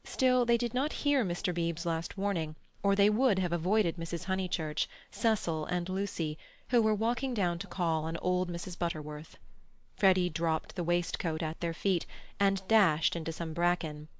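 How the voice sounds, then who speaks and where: Low-voiced woman narrating an audiobook. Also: normal speed, clear, resonant tone, no room sound. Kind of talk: scripted narration.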